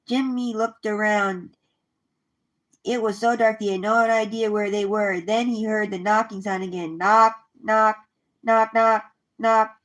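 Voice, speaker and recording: A woman reads children's picture books aloud, animated and expressive. Her voice sits at a middling pitch, and she stumbles over a word now and then. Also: moderate pace, lo-fi sound. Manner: lively, expressive read-aloud with occasional slips. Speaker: storyteller.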